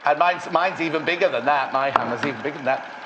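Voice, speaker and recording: A man's voice: fairly high pitch, quick pace, muffled recording, background noise. A man from Northwest England hosting a live sewing shopping show, chatty and teasing as he reads out viewer messages. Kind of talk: live studio chat.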